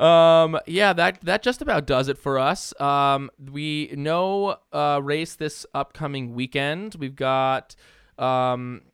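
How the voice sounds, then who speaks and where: Laid-back male podcast co-host, smooth voice. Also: a little high, slow, fairly bright tone, no room sound, studio quality. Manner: laid-back, wraps up the show. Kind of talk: casual chat.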